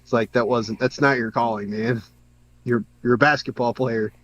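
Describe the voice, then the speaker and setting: A man's voice: medium pitch, fairly even intonation, moderate pace, fairly bright tone, slight background noise. Man, casual chat, questioning manner, muffled lo-fi sound.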